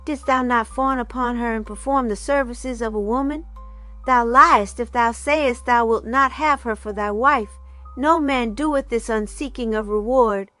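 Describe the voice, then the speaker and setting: Woman voicing a jealous hoarse hunter man. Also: measured pace, bright, forceful tone, faint music behind. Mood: menacing. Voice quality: deep and hoarse. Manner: archaic, threatening speech. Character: jealous, strong, deep-voiced Arctic hunter man.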